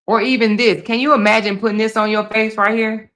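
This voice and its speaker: A woman talks straight to her viewers in a loud, bright, forceful voice. She is blunt and profane and laughs often while chatting casually and reading comments on her live stream. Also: on the high side, little pitch movement, brisk.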